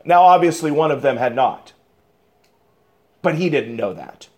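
A male pastor preaching a sermon, deliberate and emphatic, repeating key phrases. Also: fairly high pitch, animated, darkish tone.

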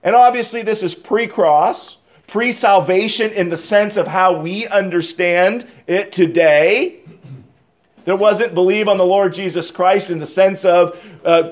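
A male pastor preaching a sermon, deliberate and emphatic, repeating key phrases. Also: sits high.

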